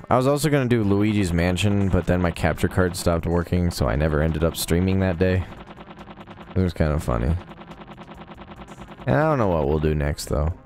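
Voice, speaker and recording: A man's voice: low voice, vocal fry, a little mellow. A young man rambling casually on a live game stream, laid-back and swearing now and then.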